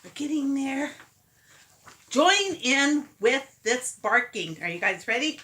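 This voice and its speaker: A woman's voice: high voice, animated, takes it slowly, bright, forceful tone, a little hiss or hum. A mother reading a picture book aloud to her toddlers, coaxing and playful, inviting them to join in.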